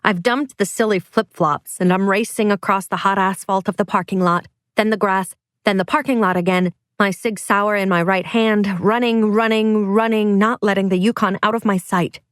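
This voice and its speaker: A woman's voice: medium pitch, steady tone, normal speed, dry recording. Woman narrating an audiobook, urgent and dry. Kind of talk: first-person audiobook narration.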